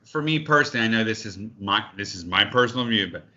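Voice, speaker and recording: A man's voice: fairly low pitch, expressive, fast talker, sharp tone. A man co-hosting a podcast in casual chat, ranting heatedly and swearing often. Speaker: podcast co-host. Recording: dull lo-fi sound.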